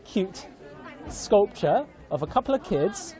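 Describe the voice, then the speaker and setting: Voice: medium pitch, sing-song, slow pace, dark tone. Chatty young reporter in a busy crowd. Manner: chatty, friendly, with many fillers. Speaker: reporter guiding a live tour. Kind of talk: live walking tour report. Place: busy outdoor market street in an old town. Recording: crowd and music outdoors.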